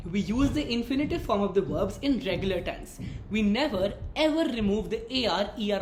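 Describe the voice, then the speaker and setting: A woman explains a lesson step by step, repeating key points and pausing to quiz her listener. Her voice sits at a middle pitch. The room is echoey, with a faint hum of ambience behind her. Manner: patient, repeats key points, quizzes viewers with countdowns. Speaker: Spanish teacher.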